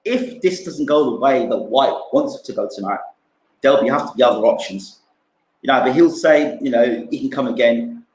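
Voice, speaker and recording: A man's voice: medium pitch, expressive, normal speed, a little mellow, echoey room, low-quality recording. A man giving casual boxing fight analysis, repeating himself and acting out punches with sound words. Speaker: boxing pundit streamer.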